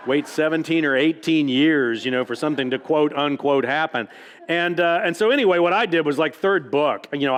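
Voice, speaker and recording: A man, an author at a library event, telling anecdotes to a live audience in a rambling, self-amused way, packed with fillers and chuckles. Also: mid-range voice. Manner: breaks into chuckles at his own stories. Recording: long reverb of a large hall.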